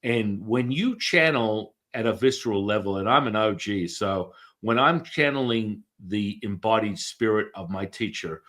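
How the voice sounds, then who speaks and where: A podcast guest with a lowish voice tells a lively story in a casual way. He swears, repeats words, and restarts sentences often.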